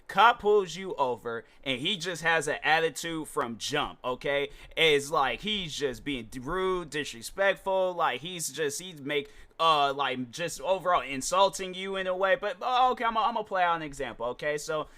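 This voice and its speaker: A man's voice: a little high, sharp tone. A man hosting his own show, chatting casually and rambling with slang and frequent restarts. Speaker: show host. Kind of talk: casual solo vlog chat.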